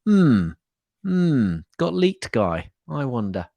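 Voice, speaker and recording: A man co-hosts a podcast in loose, casual chat. His voice rises and falls in a lively way, and he often repeats words as he rambles. The sound is dry and close. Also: medium pitch, slow pace, vocal fry, no echo. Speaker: podcast co-host.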